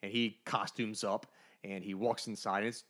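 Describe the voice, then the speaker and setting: A podcast co-host with a fairly low voice recaps a comic book in casual chat at a normal speed. He tells it like an animated storyteller, briefly putting on the characters' voices.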